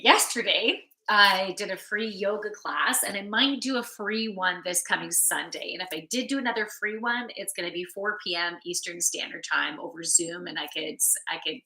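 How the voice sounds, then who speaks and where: A woman with a bright, ringing voice gives a relaxed, sleepy card reading on a live stream. She rambles easily and answers viewers' chat between readings. Her voice echoes around the room she is in. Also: lowish voice. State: sleepy, yawning. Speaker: spiritual card reader and yoga teacher.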